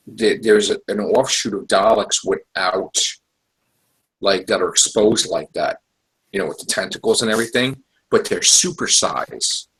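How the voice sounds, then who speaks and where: A man hosting a podcast, chatting in a rambling, excitable way with lots of fillers. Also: on the low side, unhurried, slightly rough, rough recording. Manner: rambling, excitable fan talk with many fillers. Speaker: podcast host. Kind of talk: casual podcast chat.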